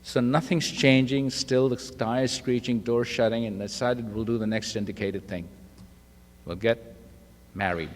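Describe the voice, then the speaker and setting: A man's voice: mid-range voice, fairly even intonation, a little slow. A man giving a humorous personal testimony at a recovery meeting, self-deprecating and acting out the voices in his stories. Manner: self-deprecating storyteller, acts out quoted voices. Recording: live talk in a reverberant hall.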